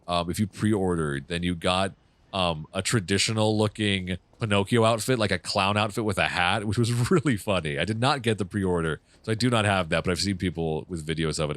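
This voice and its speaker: A man casually commenting on his own game playthrough, swearing often and reacting loudly to what happens on screen. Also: deep voice, dry recording. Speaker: gaming channel host. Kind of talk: casual let's play commentary.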